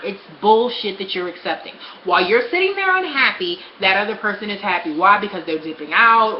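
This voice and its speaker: A woman's voice: mid-range voice, a little hiss or hum. A young woman talking frankly and bluntly in a casual personal vlog, swearing freely. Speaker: vlogger. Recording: roomy, slightly dull home recording.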